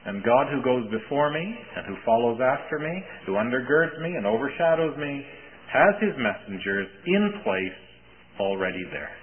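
A man preaching a sermon in a conversational storytelling way, with pauses and restarts. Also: mid-range voice, sing-song. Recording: tinny phone-like recording with faint hiss.

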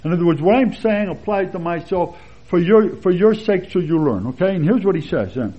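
A man giving a conversational expository sermon as a Bible teacher, relaxed and chatty, with anecdotes and chuckles along the way. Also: high-pitched, a little fast, breathy edge. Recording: dull lo-fi sermon recording.

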